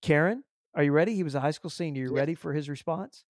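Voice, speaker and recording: Animated male podcast host, slightly high. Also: quick pace, no room sound, studio quality. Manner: animated storyteller, acts out dialogue, repeats words. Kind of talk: casual storytelling interview.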